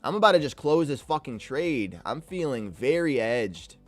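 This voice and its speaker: A man streaming live trades, talking to the market, reading chat aloud and swinging between loud cursing outbursts and low muttering. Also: sing-song, moderate pace, faint music behind.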